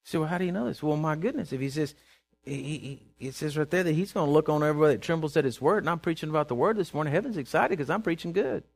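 A male pastor preaching a sermon, swinging from loud declaring to low confiding asides and calling out to the congregation in a folksy way. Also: fast. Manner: folksy and conversational, calls out to the congregation.

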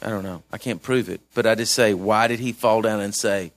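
A man preaching a chatty Bible-study sermon, swinging between loud and hushed. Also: on the low side, lively intonation, normal speed, no echo.

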